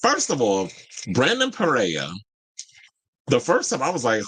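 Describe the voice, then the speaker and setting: Animated man with a bright, dry voice. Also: medium pitch, slow pace, pauses often, slightly rough, no echo, rough recording. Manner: animated and chatty, reads and answers live chat, swears freely. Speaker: entertainment news show host. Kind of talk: casual pop-culture commentary.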